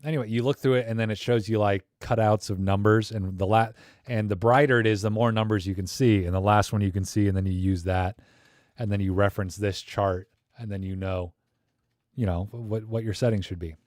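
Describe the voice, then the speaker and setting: A man's voice: fairly low pitch, steady tone, a little fast, a little mellow, no room sound, studio quality. A man hosting a live camera Q&A, chatting in a rambling, enthusiastic, slangy way. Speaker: livestream host. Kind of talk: casual live Q&A chat.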